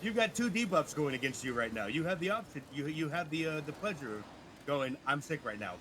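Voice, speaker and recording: A man co-hosting a casual gaming chat, animated and joking, tripping over his words. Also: a little high, fairly quick, slight background noise. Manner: animated, joking, stumbling restarts. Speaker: gaming video co-host and streamer.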